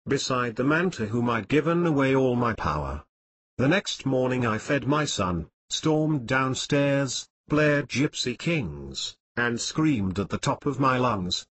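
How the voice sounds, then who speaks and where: A man's voice: medium pitch, fairly bright tone, a little hiss or hum. A man reading a first-person story as scripted audiobook narration. He reads the page numbers and headers aloud along with the text.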